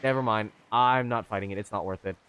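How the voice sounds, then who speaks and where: A man giving chatty, excitable live commentary on a game he is playing, with sudden high squeals. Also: fast, clear, resonant tone, faint music behind. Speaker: streamer.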